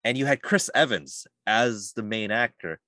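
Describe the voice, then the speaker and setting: Animated male voice actor, dry sound. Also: on the low side, normal speed, no room sound. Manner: animated, lively storytelling with many fillers. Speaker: voice actor guest. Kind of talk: casual podcast interview.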